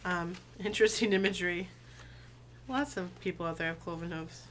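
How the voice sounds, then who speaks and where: A woman who has been sick, her voice lower than usual, chatting casually with many fillers and reading poems aloud in a slow, deliberate way. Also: fairly bright tone, slight background noise. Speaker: video blogger reading poetry.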